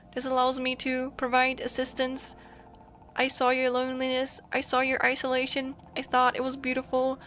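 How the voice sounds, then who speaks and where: A woman's voice: high voice, fairly bright tone. A woman reading as a grieving, formal robot. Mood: anguished. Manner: halting, repetitive robotic statements. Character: grieving robot built to help, flat and formal.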